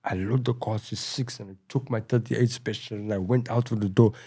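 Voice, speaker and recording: A middle-aged South African man telling his story in a casual interview, rambling and full of "you know," going quieter at tense moments. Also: on the low side, steady tone, fairly quick, husky. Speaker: podcast guest.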